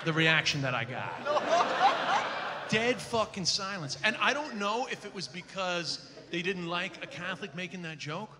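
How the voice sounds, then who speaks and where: A man's voice: high voice, normal speed, a crowd in the background. A man, a comedian, telling stories with lots of swearing at a live interview in front of an audience. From Ireland. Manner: swearing, storytelling, animated. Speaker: comedian guest. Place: large hall with live audience. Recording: echoey hall with audience.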